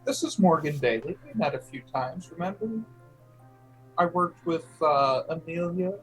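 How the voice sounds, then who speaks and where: A man playing a tabletop role-playing game, lively and playful. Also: on the high side, normal speed, slightly rough, soft background music, low-quality recording. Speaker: player. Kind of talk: casual tabletop game play.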